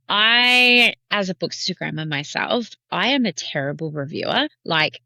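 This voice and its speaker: A woman's voice: fairly low pitch, animated, a little slow, sharp tone, dry recording. A woman co-hosting a podcast and chatting casually in a playful way. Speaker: podcast co-host, bookstagrammer. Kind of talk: casual chat.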